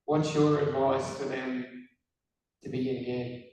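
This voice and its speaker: A man, hoarse from a cold, asking an earnest question from the audience. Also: mid-range voice, level tone, unhurried, a little mellow. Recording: distant, echoey hall mic with faint room noise.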